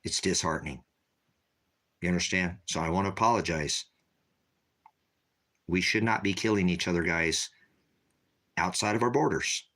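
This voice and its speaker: A man preaching on a livestream, ranting forcefully and repeating himself. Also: on the low side. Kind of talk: heated livestream rant.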